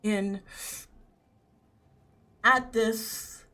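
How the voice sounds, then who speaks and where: A woman's voice: a little high, steady tone, drawn-out words, sharp tone. A woman narrating a tabletop game as game master, casual and full of fillers.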